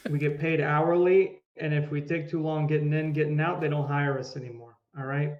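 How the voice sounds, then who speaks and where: A man's voice: fairly high pitch, little pitch movement, brisk, dull audio, natural voice. A man voicing a blustering union dock worker who haggles and argues back. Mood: haggling.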